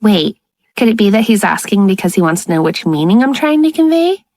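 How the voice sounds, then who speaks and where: A woman's voice: mid-range voice, very animated, fairly quick, a little mellow, dry recording. A woman doing a cheery, eager young wife.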